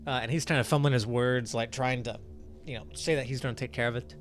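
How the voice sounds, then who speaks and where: A man's voice: medium pitch, fast, faint music behind. Easygoing man running a tabletop game. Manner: relaxed, with frequent fillers. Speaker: game master.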